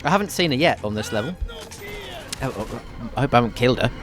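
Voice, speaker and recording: A man's voice: medium pitch, animated, fast. A man hosting a history podcast who chats and jokes while commentating a game playthrough. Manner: chatty and jokey, with dry asides. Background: game gunfire and faint music.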